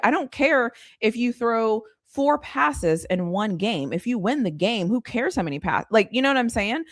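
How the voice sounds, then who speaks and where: A woman's voice: on the high side, lively intonation, moderate pace, few pauses, dry recording, clean studio sound. A woman hosting a live stream, chatting casually and ranting with exasperation, laughing often. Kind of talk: casual live sports chat.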